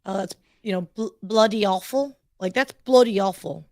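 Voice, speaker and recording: A woman's voice: mid-range voice, normal speed, a little mellow, dry recording. A woman from Southern California with a SoCal accent, a chatty guest full of "like" and "dude". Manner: chatty, many fillers like "like" and "dude". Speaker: podcast guest. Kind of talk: casual chat.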